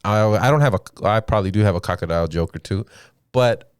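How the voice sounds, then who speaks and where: Low-voiced profane comedian telling stories. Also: male voice, fast, clear, resonant tone, no room sound, studio quality. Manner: profane, rambling storyteller, laughs at his own stories. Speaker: comedian podcast host. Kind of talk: casual chat.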